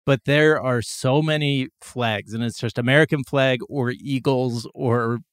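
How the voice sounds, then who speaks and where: A man's voice: mid-range voice, fairly even intonation, unhurried, smooth, dry recording, studio quality. A man hosting a comedy podcast, chatting casually and rambling through tangents, laughing often. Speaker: podcast host.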